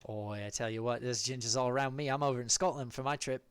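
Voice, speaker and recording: A man's voice: mid-range voice, fast, clear, resonant tone, dry recording, natural voice. A man voicing a brash male teammate who calls over the radio, teasing and pushy in a tabletop game.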